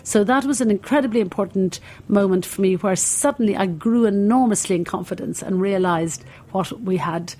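A woman's voice: medium pitch, moderate pace, few pauses, warm tone. A woman in her sixties with an Irish accent, the founder of a cooking school, telling long stories in a rambling way full of fillers and restarts. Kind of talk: reflective anecdotal storytelling.

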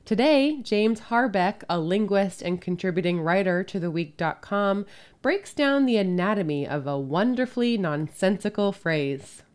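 A woman hosting a podcast, reading the show's intro and outro in a smooth announcer delivery. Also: mid-range voice, animated, normal speed. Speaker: podcast host. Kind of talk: scripted show intro and outro.

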